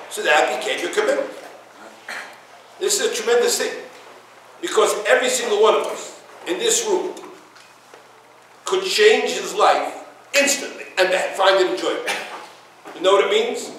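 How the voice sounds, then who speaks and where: A rabbi with a high-sitting male voice gives an informal Torah class to listeners in a very echoey room, recorded from a distance with a little hiss or hum. He's an animated storyteller who acts out dialogue, uses Yiddish and Hebrew words, and mixes stories with humor.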